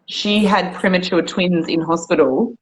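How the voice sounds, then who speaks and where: Woman GP, lowish chatty voice. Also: unhurried, low-quality recording. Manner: friendly, chatty explaining with fillers. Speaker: GP guest. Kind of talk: casual podcast chat.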